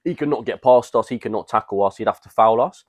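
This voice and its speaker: A young man tells a long, rambling story with plenty of slang. His voice sits low. The recording is dry and close, with no room sound. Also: fast, no room sound. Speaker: podcast co-host. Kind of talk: casual storytelling chat.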